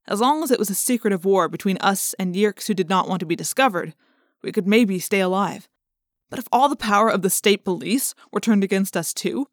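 A woman reading a first-person audiobook with brisk, vivid storytelling. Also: mid-range voice, dry recording, clean studio sound. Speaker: audiobook narrator.

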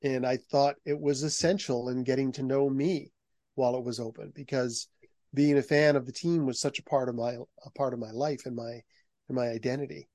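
Mellow-voiced man telling stories. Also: mid-range voice, a little fast, no room sound, studio quality. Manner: lively anecdotal telling, acts out quoted voices. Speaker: guest author. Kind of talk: conversational storytelling.

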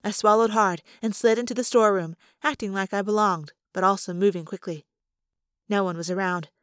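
A woman reading a first-person novel aloud with steady, expressive storytelling. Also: mid-range voice, brisk, smooth, no echo, studio quality. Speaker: audiobook reader.

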